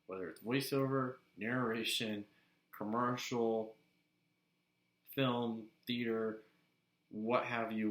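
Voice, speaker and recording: Low-voiced man giving acting tips. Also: reverberant, low-quality recording. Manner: relaxed, chatty, slips into demo voices. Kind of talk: casual instructional vlog.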